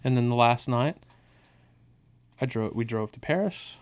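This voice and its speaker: A man's voice: mid-range voice, lively intonation, unhurried, clear, resonant tone. Laid-back swearing young man. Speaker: podcast co-host. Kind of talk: casual chat.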